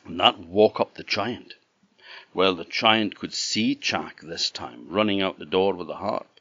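A man from the Orkney Islands, telling a traditional fairy tale in an animated, conversational way with asides to the listener, on a dull, dry lo-fi recording. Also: low voice, measured pace, slightly rough, no room sound. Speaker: storyteller. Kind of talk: traditional oral storytelling.

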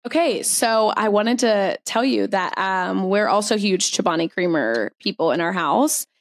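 A young woman co-hosting a laid-back podcast, rambling chattily with plenty of fillers and little laughs. Her voice sits at an ordinary middle pitch. The sound is dry and close, with no room around it. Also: expressive, measured pace, dry recording. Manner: chatty, giggly, lots of filler words. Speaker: podcast co-host. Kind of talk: casual chat.

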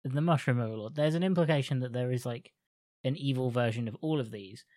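A man's voice: medium pitch, quick pace, warm tone, no room sound. A man co-hosting a film podcast, musing aloud in casual talk. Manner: brief agreeing interjections, musing questions. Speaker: podcast co-host. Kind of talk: casual chat.

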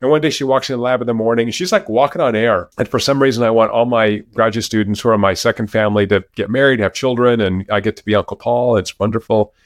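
A man as an interview guest, talking over a video call, lively and animated as he tells stories from his research. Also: mid-range voice, fast, hardly any pauses, dry recording, studio quality. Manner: animated storyteller, lively when telling anecdotes. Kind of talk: interview conversation. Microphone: remote video call.

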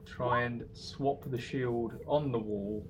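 A man's voice: mid-range voice, steady tone, takes it slowly, slight background noise. A man playing a tabletop game who speaks in a laid-back, questioning way. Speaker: player. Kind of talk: casual tabletop play.

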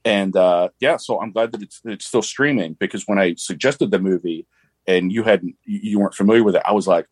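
A man guesting on a podcast, talking about a film with halting enthusiasm in casual chat. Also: fairly low pitch, slightly rough, dry recording. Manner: enthusiastic, halting, many restarts.

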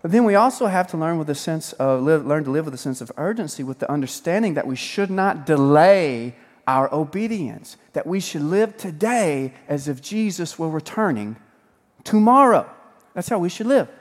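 A man preaching a sermon as pastor, joking and lively, swinging between loud and hushed delivery. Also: a little high, moderate pace. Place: large church hall. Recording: sermon in a reverberant church hall.

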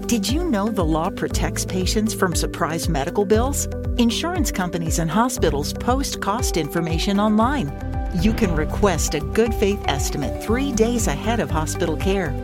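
A woman's voice: medium pitch, lively intonation, moderate pace. A woman announcer reading a scripted, upbeat, informative ad. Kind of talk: scripted ad read. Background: loud music.

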